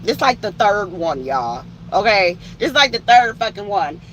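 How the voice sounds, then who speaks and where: A woman telling a story in an animated, profane way, acting out what each person said. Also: medium pitch, moderate pace, slight background noise. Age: older than 30. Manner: animated, profane, acts out quoted voices. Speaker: truck driver telling a story. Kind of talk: uncensored storytime.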